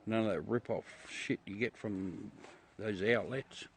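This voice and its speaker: A man's voice: on the low side, unhurried, a little hiss or hum. A middle-aged man with an Australian accent, chatting casually to his livestream viewers outdoors at night, laid-back, chuckling and swearing freely. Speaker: livestream host. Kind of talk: casual rambling chat to viewers.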